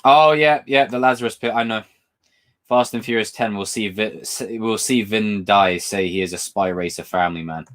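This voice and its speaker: A man's voice: fairly low pitch, normal speed, a bit bright. A man hosting a casual live stream. He reads viewer questions aloud, answers them, swears casually and laughs a lot while telling stories.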